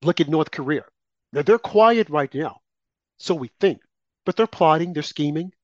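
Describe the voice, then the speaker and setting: A man with a fairly high voice co-hosts a political talk show, firing off indignant rhetorical questions and mocking asides. The sound is dull and lo-fi, and the room is dry and close. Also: expressive, normal speed, no echo. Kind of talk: political talk radio commentary.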